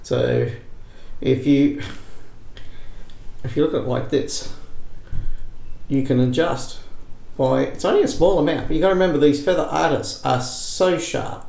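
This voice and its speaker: High-voiced joking man in an echoey room. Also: moderate pace, gravelly, a little mellow. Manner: jokey rambling asides, self-mocking. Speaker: shaving video host. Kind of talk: casual demonstration chat.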